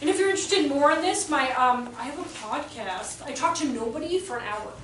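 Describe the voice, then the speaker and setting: A woman presenting to a live audience, talking fast and animated and acting out the quotes she tells. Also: sits high. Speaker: workshop presenter. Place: hall in front of an audience. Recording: roomy hall, distant mic, faint noise.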